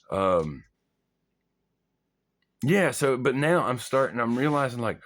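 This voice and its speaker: A man's voice: medium pitch, sing-song, slow, pauses often, fairly bright tone. A young man casually telling a wild story from his army days, laughing, swearing and acting out his own panicked thoughts. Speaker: vlogger.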